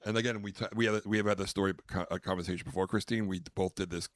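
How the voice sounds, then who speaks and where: A man with a very low voice tells stories in casual podcast chat, animated and quick to restart his sentences. The sound is dry and close, with no room echo. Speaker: stand-up comedian and podcast co-host.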